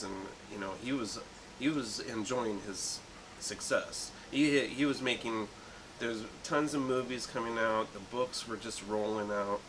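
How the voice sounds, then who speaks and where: A man in his late thirties co-hosting a movie review podcast, talking in a thoughtful, rambling way with many pauses. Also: lowish voice, noisy background. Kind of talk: casual chat.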